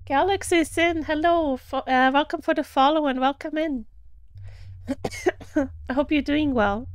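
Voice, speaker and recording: Slow-talking woman with a German accent. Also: high-pitched, no room sound, clean studio sound. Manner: chatty, laughing, greets followers. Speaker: streamer. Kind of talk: casual live gameplay commentary.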